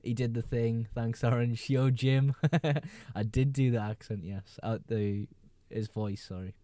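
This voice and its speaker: A man hosting a casual fantasy football live stream, reading viewer questions aloud, answering them quickly and laughing often. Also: on the low side, steady tone, mellow, dry recording.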